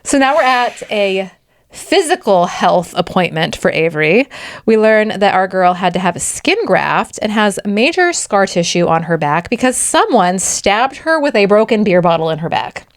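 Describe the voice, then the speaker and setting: A woman co-hosting a podcast, retelling a book's plot in a chatty, casual way. She throws in sarcastic asides and laughs often. Her voice sits at a medium pitch and is recorded dry and close. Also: very animated, normal speed, dry recording. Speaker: podcast co-host. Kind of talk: casual book recap.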